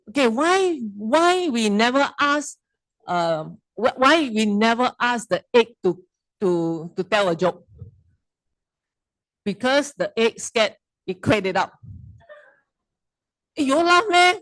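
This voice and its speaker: A woman's voice: a little high, animated, measured pace, pauses often, a bit bright, no echo, rough recording. A middle-aged woman with a Malaysian English accent gives a casual wellness seminar talk, chatty and teasing, quizzing the audience. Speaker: wellness presenter.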